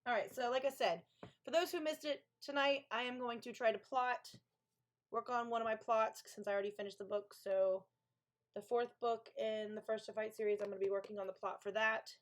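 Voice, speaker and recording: A woman's voice: fairly high pitch, steady tone, fairly quick. Chatty woman gushing on a live stream. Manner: gushing, chatty, answers chat aloud. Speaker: author hosting a co-working stream. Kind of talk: casual live-stream chat.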